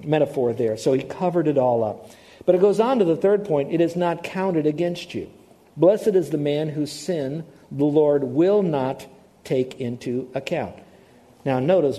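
A middle-aged man preaching a sermon as pastor, animated and repeating words for emphasis. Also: fairly high pitch. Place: church in Hawaii.

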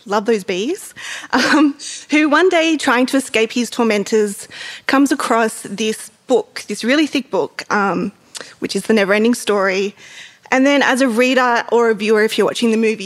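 A woman's voice: on the high side, normal speed. A woman, an author, chatting casually about books in a giggly way with lots of fillers. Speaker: author and book vlogger. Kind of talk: casual book chat and reading aloud.

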